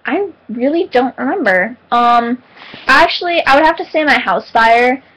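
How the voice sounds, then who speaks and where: A teenage girl talks through viewer questions in a loose, rambling vlog, filling pauses with ums and breaking into giggles. Her voice sits a little on the high side and jumps up when she gets excited retelling a story. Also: rough recording. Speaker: vlogger answering viewer questions. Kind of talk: casual chat.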